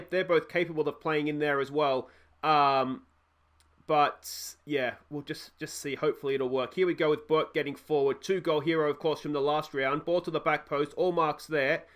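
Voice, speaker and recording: A man with an Australian accent commentating on his own football management game, swinging from calm musing to loud, swearing outbursts. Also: fairly high pitch. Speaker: gaming YouTuber.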